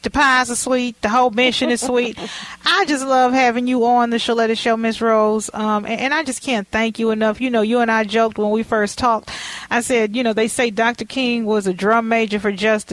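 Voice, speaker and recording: A woman's voice: mid-range voice, dry recording, poor audio. Woman talk show host, casual interview chat, emphatic praise, dry close sound. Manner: affirming and lively, with emphatic praise.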